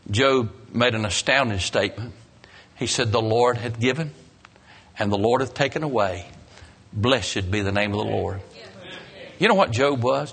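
A man preaching a sermon, telling the story dramatically with emphatic rises and soft, low endings.

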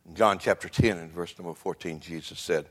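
An older man preaching a sermon, swinging between quiet talk and shouting. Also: deep voice, brisk. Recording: long echo of a large hall.

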